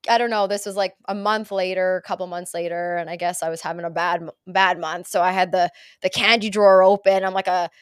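A middle-aged woman, a podcast guest, telling a funny family story in a casual, animated way, laughing often and acting out other people's lines. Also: fairly low pitch, brisk, few pauses, clear, resonant tone, no room sound, studio quality.

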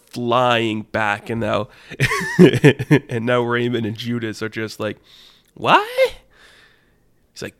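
Man, casual rambling storyteller, mid-pitched, dry close sound. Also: fairly bright tone, dry recording. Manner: rambling, filler-heavy, laughs at his own jokes.

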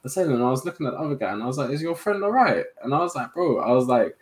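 A young man, telling a story in a casual podcast chat among friends, full of slang and lively retelling. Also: mid-range voice, racing. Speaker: podcast co-host.

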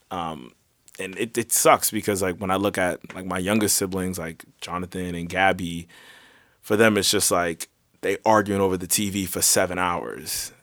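A young man in his twenties chats on a podcast in a relaxed, slangy way, cursing freely as he talks. His voice sits a little low, and the sound is dry and close, with no room around it. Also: dry recording. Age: 20s. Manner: laid-back, slangy, swears freely. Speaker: podcast co-host. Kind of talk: casual podcast chat.

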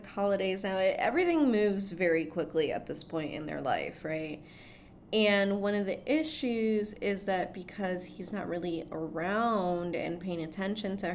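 Woman gossiping thru a movie recap, animated, swears a lot, middle pitch voice. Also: a little hiss or hum. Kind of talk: casual chat.

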